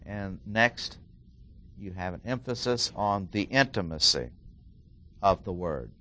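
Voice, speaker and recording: A middle-aged man teaching through a Bible passage, deliberately repeating key phrases and stressing single words. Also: deep voice, lively intonation, bright, forceful tone, slight background noise. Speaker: preacher.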